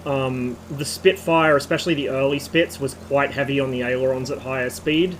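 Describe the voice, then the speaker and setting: Man ranting casually, slightly hoarse. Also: medium pitch, steady tone, normal speed, a little hiss or hum, low-quality recording. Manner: rambling, swears casually, many fillers. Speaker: streamer. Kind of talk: casual technical rant.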